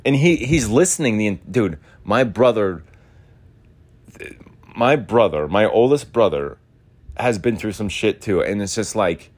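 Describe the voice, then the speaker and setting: A man's voice: on the low side, lively intonation, unhurried. A young man from the United States talking in a loose, rambling monologue, full of filler words and casual swearing. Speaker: podcast host.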